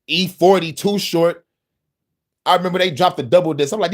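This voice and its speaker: A man's voice: high-pitched, normal speed, pauses often. Profane laughing man chatting casually. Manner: profane, boastful, laughs often. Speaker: host. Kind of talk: casual podcast talk.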